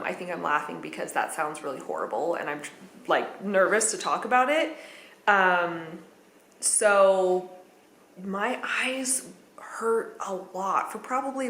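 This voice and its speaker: A woman's voice: medium pitch, fairly bright tone. A woman vlogging a candid personal account in a chatty way, with fillers and nervous little laughs. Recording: echoey room.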